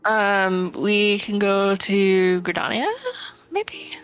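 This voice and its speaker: A woman's voice: medium pitch, normal speed, a bit bright. A woman co-hosting a game playthrough in casual chat, giggling and reading names aloud. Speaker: co-host playing a game. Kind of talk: casual let's-play chat.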